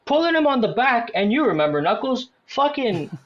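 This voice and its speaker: A man's voice: very high voice, sing-song, a little fast, muffled recording. A man, a superfan guest ranting profanely in casual podcast chat. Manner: profane, ranting fan banter.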